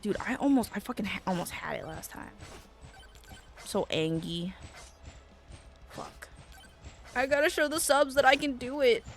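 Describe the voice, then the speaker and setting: With faint music in the background, a woman streams herself gaming live. Her reactions jump from excited yelps to low mutters, she swears often, and she thanks her chat along the way.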